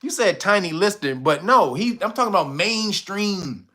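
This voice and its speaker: A man hosting a casual livestream, reading viewer comments and reacting loudly with profanity and frequent laughter. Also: high voice, lively intonation, normal speed. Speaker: livestream host reading chat.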